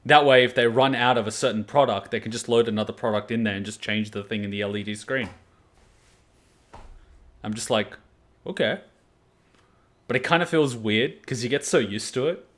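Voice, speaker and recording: A man from Australia, hosting an anime reaction video and chatting casually with jokey, animated storytelling. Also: mid-range voice, fairly quick. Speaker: anime reaction channel host.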